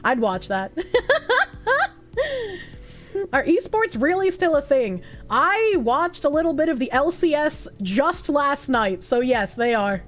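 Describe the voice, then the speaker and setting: A woman's voice: high-pitched, big pitch swings, a little slow, soft background music. A woman streamer chatting casually and reading viewer comments, rambling and joking, often laughing and swearing.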